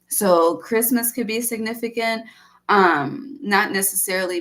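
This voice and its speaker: Chatty, cursing woman reading tarot. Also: lowish voice. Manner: rambling, profane and chatty. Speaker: tarot reader.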